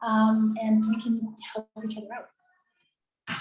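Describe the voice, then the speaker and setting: A woman talking in a chatty, upbeat, persuasive way, pitching her business on a video call. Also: completely flat delivery, slow pace, a little mellow. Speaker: lead generation and call center business owner. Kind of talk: casual sales pitch on a coaching call. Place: in Colombia. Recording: roomy echoey room.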